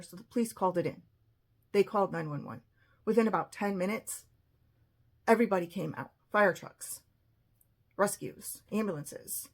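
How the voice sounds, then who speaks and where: Husky woman telling her own story, gets heated quoting people. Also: medium pitch, animated, moderate pace, long pauses. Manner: emotional, quoting others in retelling. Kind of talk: personal storytelling monologue.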